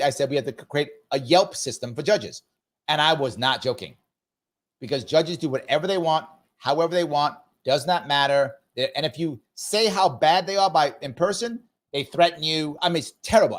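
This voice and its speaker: A man's voice: fairly high pitch, brisk. A middle-aged man hosting a live ask-me-anything show, often tagging his points with "right?" and acting out quotes in a raised voice. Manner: animated, repeats "right?" and acts out quotes in a raised voice. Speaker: host of a live call-in show.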